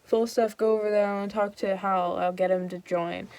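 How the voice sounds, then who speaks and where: Sly young highwayman, conspiratorial, a woman reads him, dry close sound. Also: flat delivery, brisk, a little mellow, no echo, close to an everyday voice.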